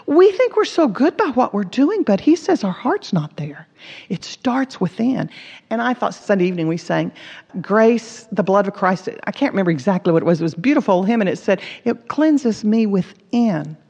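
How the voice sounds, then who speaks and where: A woman's voice: on the high side, gravelly. A middle-aged woman teaching a Bible study, telling stories and acting out quotes with animation. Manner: animated storytelling, acts out quotes. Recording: dull reverberant hall sound.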